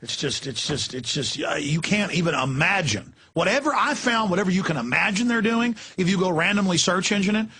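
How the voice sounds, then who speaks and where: A man hosting a talk radio show, ranting with impassioned intensity, swinging between yelling and hushed urgency. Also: high-pitched, animated, brisk, hardly any pauses, breathy edge.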